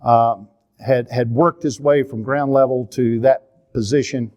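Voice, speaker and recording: Older man with a Southern drawl, mid-pitched, for a church seminar speaker sharing candid family stories. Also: steady tone, unhurried, darkish tone, dull audio. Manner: earnest storytelling, confessional. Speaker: minister and counselor teaching a seminar.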